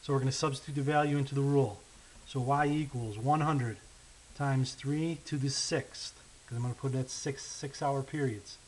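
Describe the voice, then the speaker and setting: A man in the middle of his range explains a math lesson step by step. He talks with patience, checks in often with "okay?" and "right?", and slows down as he writes out each number. A faint hiss sits under the recording. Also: medium pitch, fairly even intonation, low-quality recording. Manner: thinks aloud while writing, slows down on key numbers. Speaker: math teacher.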